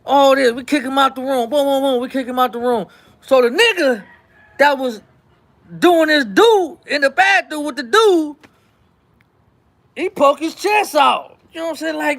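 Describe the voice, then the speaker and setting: A man hosting his show, telling a story in casual, animated fashion, acting out quotes and repeating lines for effect. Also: very high voice, moderate pace, creaky.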